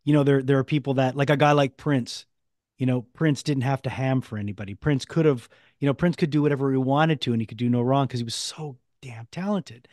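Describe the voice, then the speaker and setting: A man's voice: medium pitch, darkish tone, no room sound, studio quality. A man hosting a podcast interview, chatting casually, agreeing often and adding his own opinions. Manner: fast, agreeable, backchannels often. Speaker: podcast host.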